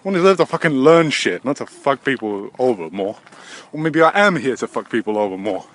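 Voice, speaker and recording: Man, solo vlog, crude self-mocking rambling, medium pitch, outdoors on a handheld camera, faint ambient noise. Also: expressive, brisk. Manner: crude, self-mocking rambling with sudden silly shouted voices. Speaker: vlogger.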